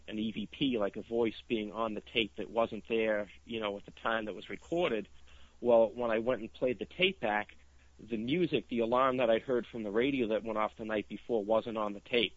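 A man's voice: lowish voice, fairly bright tone, no echo. Guy from cape cod rambling through a story on a radio show, kinda dull lo-fi sound, dry. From Cape Cod, Massachusetts. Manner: rambling, hesitant storytelling with many fillers. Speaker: guest author. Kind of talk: casual radio interview.

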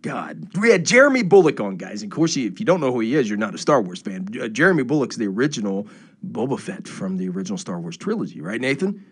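A man's voice: fairly low pitch, sing-song, fast talker, husky. A man hosting a casual radio talk show, hyping guests in announcer style and joking with his co-host. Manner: hyped, announcer-style introductions with playful joking.

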